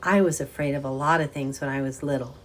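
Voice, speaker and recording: A timid young woman, close to tears, as voiced by a woman reading aloud, talks softly and wistfully. The voice lifts a little above the reader's low narration while staying gentle and hesitant, a storybook heroine in a quiet moment. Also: fairly even intonation, fast, slight background noise. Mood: sad wistful. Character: sad young woman clerk, tearful and timid.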